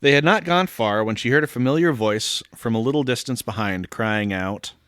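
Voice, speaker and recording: A man co-hosting a comedy podcast, reading a story aloud and joking, giggly and animated. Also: mid-range voice, moderate pace, clean tone, dry recording, clean studio sound. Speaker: co-host and story reader. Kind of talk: comic story reading with ad-libs.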